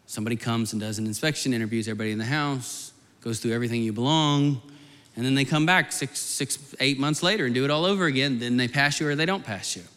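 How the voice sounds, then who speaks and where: A man's voice: medium pitch, fast talker, a bit bright, smooth. A man preaching a sermon to a gathered audience, telling a personal story in a rambling, fervent way with many restarts. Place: large hall before an audience. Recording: long hall reverb.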